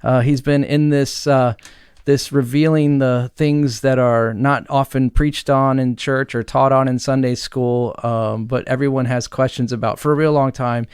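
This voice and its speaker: Smooth-voiced man hosting a podcast. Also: medium pitch, steady tone, a little slow, darkish tone, no echo, clean studio sound. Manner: upbeat, jokey, leads the conversation. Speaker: podcast host. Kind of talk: casual podcast chat.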